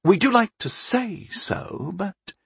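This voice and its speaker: A stubborn middle-aged abbess who clings to her routine, as a man puts her on. She talks with formal courtesy in a raised, husky pitch that shoots higher as she objects. The booth is dry and close. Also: lively intonation, slow, no echo, exaggerated voice. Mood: flustered. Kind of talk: audiobook character voice.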